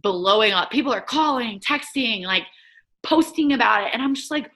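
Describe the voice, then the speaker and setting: A woman in her twenties, a guest, telling a story casually and in an animated way, acting out quotes. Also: normal speed. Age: 20s. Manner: animated, acts out quotes in a higher voice. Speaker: guest, drafted athlete.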